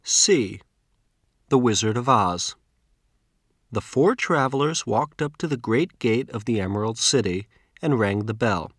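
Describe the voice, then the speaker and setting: Slow, deliberate male lesson narrator. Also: medium pitch, lively intonation, a bit bright, no echo, studio quality. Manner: slow, deliberate, carefully enunciated. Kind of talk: scripted English lesson reading.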